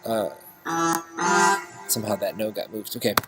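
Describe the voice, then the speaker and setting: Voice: medium pitch, steady tone, moderate pace. A music teacher giving a casual screen-recorded notation lesson, often checking in with "okay?" and singing short phrases of notes. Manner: chatty, checks in with frequent "okay?", sings notes.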